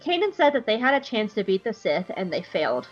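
A young woman hosts a podcast, recapping an episode in a chatty, irreverent style and swearing casually. Her medium-pitched voice is sing-song and a little fast, with soft music behind her. The lo-fi recording sounds slightly muffled.

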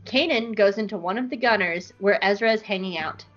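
A woman hosting a podcast, recapping an episode in an animated, jokey way. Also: mid-range voice, brisk, muffled recording, faint music behind. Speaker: podcast host.

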